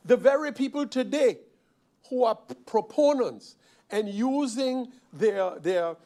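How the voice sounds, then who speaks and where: A man from Sint Maarten delivers a parliamentary speech in a high-pitched voice. He hammers his points home, repeating phrases and firing off rhetorical questions in the chamber. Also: expressive, takes it slowly. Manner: emphatic, repetitive, forceful rhetorical questions. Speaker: member of parliament.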